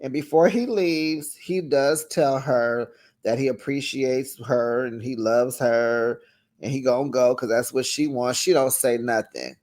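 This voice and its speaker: A reality TV reviewer giving casual commentary to the camera, animated and talking straight to the cast. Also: medium pitch, unhurried. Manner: animated, talks straight to the cast, acts out quotes.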